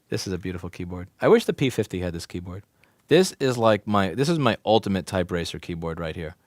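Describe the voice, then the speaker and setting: A man in his thirties rants on his livestream, jumping from loud outbursts to low mutters and swearing freely. His voice sits mid-range in pitch and swings widely. The sound is dry and close. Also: quick pace, no echo. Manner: animated ranting, swearing, jumps from loud outbursts to mumbling. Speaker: livestream host, repair technician. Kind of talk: casual livestream rant. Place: repair shop.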